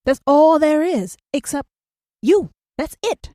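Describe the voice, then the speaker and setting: A fairly high-pitched woman hosting a solo podcast in a dry, close recording. She speaks bluntly and profanely and keeps hammering her points with questions. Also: lively intonation, slow, mellow, no room sound. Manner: blunt, profane and emphatic, with repeated rhetorical questions. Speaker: podcast host.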